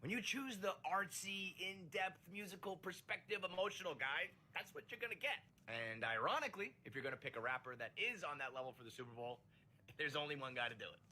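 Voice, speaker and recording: A man's voice: on the high side, expressive, brisk, pushed and bright, a little hiss or hum. A man giving emphatic, opinionated commentary in an argumentative tone.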